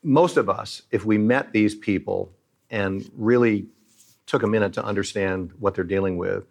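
Earnest, low-voiced man, preacherly. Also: moderate pace, creaky. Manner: earnest, preacherly, tells moving stories. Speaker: leader at a Christian aid charity. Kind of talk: earnest interview talk.

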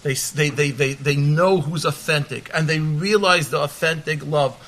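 Rabbi guy on a panel, earnest, bright voice, bit high. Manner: earnest and measured, with restarts and Hebrew terms. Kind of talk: panel answer to a question.

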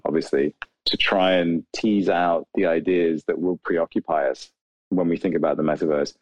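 A man, a video creator, talking casually in an interview with many "like" fillers and animated asides. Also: deep voice, no room sound, low-quality recording. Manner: rambling, animated, lots of "like" fillers.

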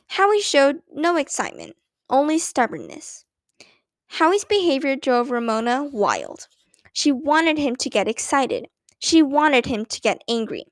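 A woman reading a children's story aloud with clear, expressive narration. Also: a little high, measured pace, dry recording. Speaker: audiobook narrator.

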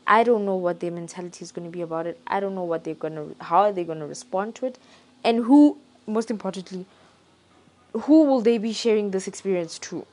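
A young woman talking in a casual, reflective monologue, thoughtful and pausing to search for her words. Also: medium pitch, a little mellow.

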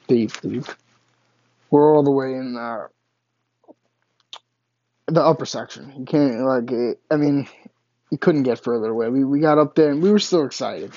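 A man tells a rambling story in a casual, swear-heavy way, often stalling and restarting his sentences. His voice sits at a middling pitch. The recording sounds a little dull and muffled. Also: darkish tone, no room sound. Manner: profane, rambling, frequent restarts and stammers.

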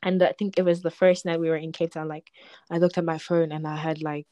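A young woman poet with a low voice tells her story briskly in a casual interview, animatedly acting out the people she quotes. She says "like" often and laughs a lot, and the recording is dry.

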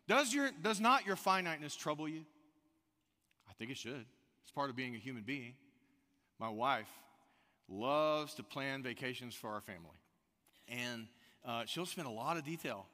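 A man preaching a sermon, telling stories with animated energy and asking the congregation direct questions. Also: mid-range voice. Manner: animated storytelling, rising to loud outbursts. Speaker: pastor. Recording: echoey hall reverb.

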